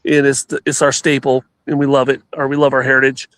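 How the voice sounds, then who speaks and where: A man's voice: mid-range voice, level tone, fast, a bit bright, clean tone, dry recording. A man telling stories in casual chat on a show, rambling with many restarts and laughs.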